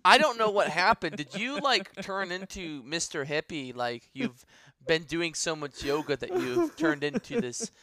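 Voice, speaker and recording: A man's voice: high voice, big pitch swings, unhurried, sharp tone. A man co-hosting a casual podcast, upbeat and teasing, on a close mic. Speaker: podcast co-host.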